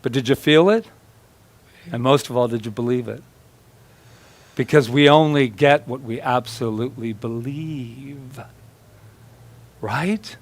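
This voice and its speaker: A man's voice: mid-range voice, a little slow, long pauses. A man preaching a conversational sermon at a church service, telling stories in a chatty, joking way and laughing as he talks. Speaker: minister.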